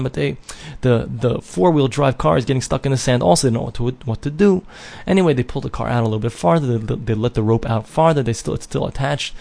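A man's voice: mid-range voice, vocal fry, darkish tone. A man giving a conversational Torah talk, telling a story and mixing in Hebrew and Yiddish terms. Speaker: Torah teacher. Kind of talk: storytelling sermon.

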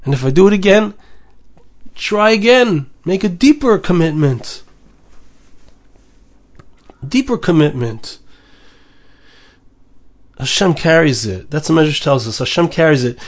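A man's voice: a little high, animated, a little slow, long pauses. A man teaching a Torah lesson in an earnest way, repeating his phrases and mixing in Hebrew terms.

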